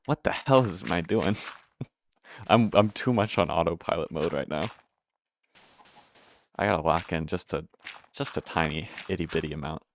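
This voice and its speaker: A man's voice: low voice, moderate pace, long pauses, slight background noise. A man giving casual, rambling commentary while playing a game, swearing often and poking fun at himself. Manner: rambling, profane, self-deprecating. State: out of breath. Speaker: gameplay streamer.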